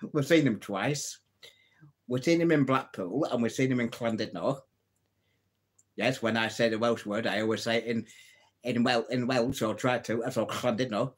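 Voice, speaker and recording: A man's voice: medium pitch, slightly rough. A man runs a casual live stream, reeling off old gags and chuckling at his own puns. He speaks in a middling voice and talks straight to his viewers, greeting them and answering their comments. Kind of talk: casual live-stream chat telling jokes.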